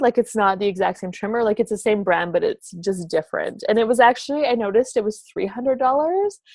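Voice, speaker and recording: A woman's voice: medium pitch, no echo. Woman host rambling thru a story, does all the voices, dry close mic. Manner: animated, acts out both sides of conversations. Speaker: show host and facilitator. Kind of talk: casual storytelling to camera.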